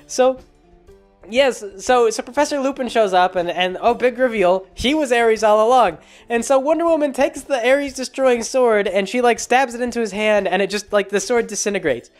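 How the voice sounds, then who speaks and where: A man's voice: extremely high pitch, normal speed, soft background music. A man rambling sarcastically through a casual movie recap, full of fillers and restarts. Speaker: vlogger.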